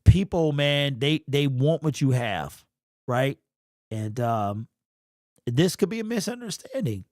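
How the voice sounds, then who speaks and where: A man's voice: mid-range voice, sing-song, takes it slowly, darkish tone, no room sound, clean studio sound. A young man hosting a casual livestream, rambling and slangy, emotional and sniffly. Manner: rambling, repeats and restarts, slangy. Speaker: livestream host.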